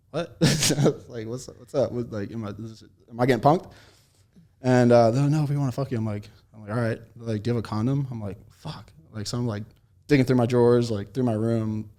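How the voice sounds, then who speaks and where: A man's voice: fairly low pitch, normal speed, warm tone. Laid-back young man telling stories. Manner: laid-back storytelling with frequent laughs. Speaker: guest. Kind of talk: casual chat.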